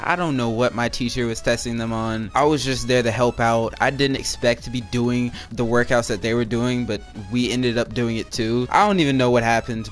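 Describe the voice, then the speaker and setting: A man telling a personal story to his viewers in a casual, rambling way, filling his talk with "like" and checking in with "all right?". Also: medium pitch. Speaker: storytime vlogger.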